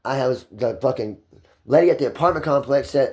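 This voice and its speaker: A man in an angry, distressed personal monologue, cursing and ranting with his voice climbing toward a shout. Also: medium pitch, fairly quick. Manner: profane, agitated ranting.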